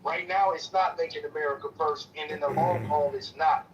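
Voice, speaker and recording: A fired-up man argues politics in a heated debate, cursing and restarting his sentences as he pushes his point. His voice sits a bit high. He sounds far from the mic on a dull, lo-fi feed with a faint hiss. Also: steady tone, a little fast. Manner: profane, repetitive, forceful restarts. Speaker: debate participant. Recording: distant lo-fi stream audio with faint noise.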